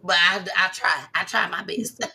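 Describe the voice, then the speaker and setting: A woman hosting a casual talk show, telling stories animatedly and bursting into loud, high impressions. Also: moderate pace, gravelly, over a noisy crowd. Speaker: host. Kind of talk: casual chat.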